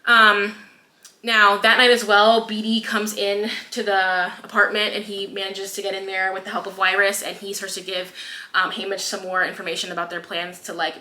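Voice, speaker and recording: A woman chats casually on a podcast, retelling scenes and slipping into the characters' voices, with plenty of "like" and "um". Her voice is bright and lively, recorded in an echoey room. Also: mid-range voice, normal speed. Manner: swears casually, fillers like "um" and "like". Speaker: podcast co-host. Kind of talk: casual book review chat.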